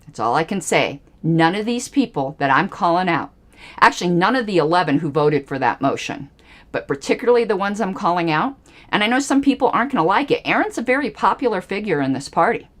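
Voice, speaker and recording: A woman's voice: fairly low pitch, lively intonation, brisk. A woman hosting a livestream, giving angry, emphatic political commentary with pointed repetitions. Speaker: livestream host.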